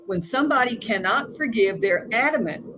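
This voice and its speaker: On a noisy recording, a woman life coach appears as a guest in a conversational interview. Her voice sits on the high side and is animated, at a moderate pace, as she tells stories earnestly and emphatically.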